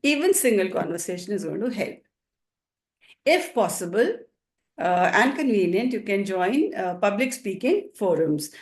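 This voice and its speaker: A woman whose first language is Hindi, teaching spoken English in an encouraging way, often repeating words and pausing with fillers. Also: medium pitch, big pitch swings. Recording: echoey room.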